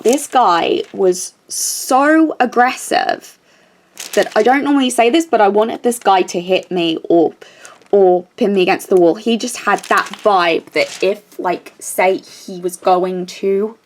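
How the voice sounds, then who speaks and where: Chatty woman telling a story. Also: medium pitch. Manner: animated storytelling, many fillers and restarts. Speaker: crafting vlogger. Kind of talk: casual chat while working on a craft.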